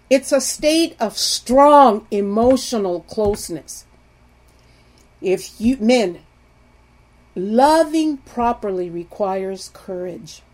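Pleading earnestly with her "people," a middle-aged woman teaches viewers about marriage and intimacy from a Christian perspective. Her voice sits on the high side, shifting between loud emphasis and hushed softness.

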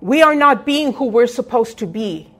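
A woman's voice: a little high, lively intonation, normal speed. A woman preaching a sermon with fervent calls for amens, telling a story with quoted dialogue.

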